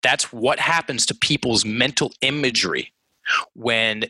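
Podcast guest, male, bright and forceful tone, dry close sound, lively explainer who stumbles and restarts. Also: medium pitch, a little slow, husky, dry recording, low-quality recording. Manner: animated, acts out quoted voices, many restarts. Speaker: guest coach. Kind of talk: conversational podcast interview.

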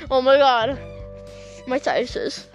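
Giggly rambling woman telling a story. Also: a little high. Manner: rambling, giggly, full of fillers like "like". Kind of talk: casual vlog storytelling. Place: outdoors at night.

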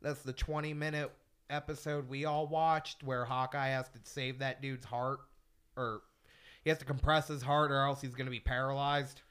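Bright, clear-voiced man telling stories. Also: medium pitch, moderate pace. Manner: animated storyteller, swears freely. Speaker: podcast host. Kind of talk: casual podcast chat.

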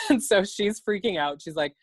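A man's voice: high-pitched, huge pitch swings, moderate pace, slightly rough, dry recording. A young man and drag performer telling a story in casual conversation, swearing freely, laughing often, acting out the voices of the people in it.

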